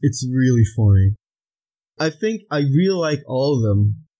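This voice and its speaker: A man's voice: mid-range voice, sing-song, unhurried, dark tone, poor audio. A young man co-hosting a casual podcast chat about a film, rambling with many fillers. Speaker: podcast co-host.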